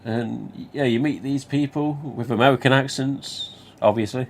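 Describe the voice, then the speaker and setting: A man's voice: mid-range voice, moderate pace, gravelly, darkish tone, slight background noise. A man with a Nottingham accent, hosting a live stream and casually telling a rambling, sweary story with restarts. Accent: Nottingham English. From England.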